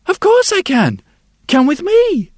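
A man voicing a small girl carved from wood, speaking in a high childlike voice that breaks into cries. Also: huge pitch swings, slow, no room sound, clean studio sound, full character voice. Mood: delighted. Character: small tearful wooden girl longing for father. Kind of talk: storytelling.

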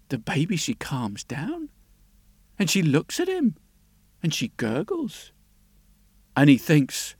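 Slow, high-voiced male storyteller. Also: big pitch swings, creaky, no echo, clean studio sound. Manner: unhurried, lilting, folksy asides to the listener. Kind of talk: oral storytelling. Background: soft guitar.

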